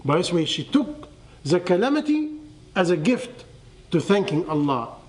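Guy with a high voice preaching, keeps firing questions at the crowd, goes quiet on the big lines. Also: sing-song, moderate pace. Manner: quizzes listeners with rhetorical questions. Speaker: religious teacher. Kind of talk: sermon to a live audience.

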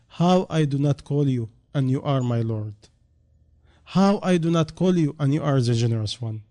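A man preaching a sermon in non-native English, dropping to quiet reflection and then rising into loud, emphatic calls. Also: mid-range voice, animated, unhurried.

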